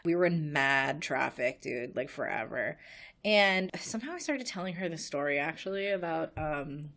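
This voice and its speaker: A young woman co-hosting a podcast, telling stories in a giggly, animated way. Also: deep voice, normal speed, gravelly. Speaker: podcast co-host. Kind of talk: casual podcast chat.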